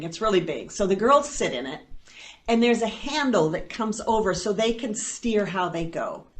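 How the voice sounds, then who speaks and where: Woman storyteller, foster mom vibe, playful and animated, middle-pitched voice, dry little jokes. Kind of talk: told personal story at a storytelling event.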